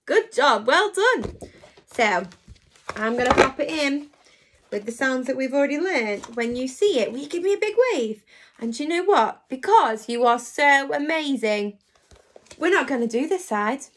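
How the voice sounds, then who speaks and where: A woman's voice: high-pitched, expressive, measured pace, a bit bright, a little hiss or hum. A woman teaching a phonics lesson to young children online, encouraging and sing-song, sounding out letters.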